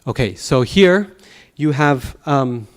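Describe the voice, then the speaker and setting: A man teaching a Sanskrit class, explaining patiently, checking in with the students and reciting verse slowly in rhythm. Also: medium pitch, animated. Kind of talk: classroom lecture. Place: temple classroom.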